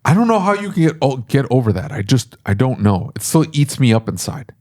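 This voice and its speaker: A middle-aged man, a shop owner, chatting casually on a podcast and telling rambling, animated stories. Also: mid-range voice, brisk. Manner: rambling, animated storytelling with laughs.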